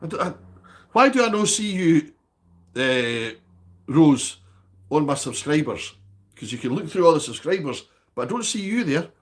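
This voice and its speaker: A man's voice: fairly high pitch, very animated, moderate pace, long pauses. A man hosting a live stream, chatting casually and bantering with viewers by name. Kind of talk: casual livestream chat reading viewer comments.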